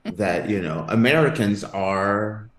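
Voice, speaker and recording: A man's voice: lowish voice, slow. A man hosting a sports podcast, chatting casually with a co-host, laughing and rambling as he talks. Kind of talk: casual chat. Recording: roomy echo.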